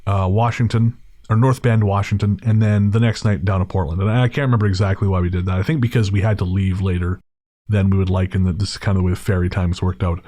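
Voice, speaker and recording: A man hosting a podcast, telling a long story in a relaxed, digressive way and correcting himself as he goes. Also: low-pitched, fast, no room sound, studio quality. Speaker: podcast host. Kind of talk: casual storytelling.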